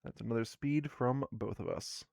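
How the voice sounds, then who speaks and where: Sleepy, gravelly man streaming a board game. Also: medium pitch, moderate pace, darkish tone, dry recording. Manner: rambling, self-deprecating, reads game text aloud. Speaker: streamer running a solo tabletop game. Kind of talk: casual live-stream narration.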